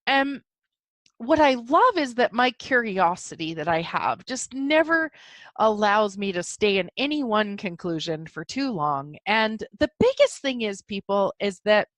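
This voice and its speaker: A woman's voice: mid-range voice, very animated, unhurried, fairly bright tone, no room sound. A middle-aged woman hosting her own podcast, talking in a chatty, enthusiastic, rambling way with lots of fillers. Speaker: podcast host. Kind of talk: solo casual podcast monologue.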